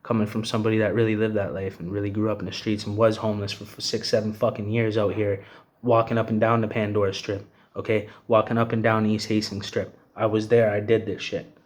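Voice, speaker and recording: A man's voice: on the low side, flat delivery, fast. Furious profane man ranting. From Canada. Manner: profane, heated, repeats "you know what I mean". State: agitated. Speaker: vlogger. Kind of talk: angry rant to camera.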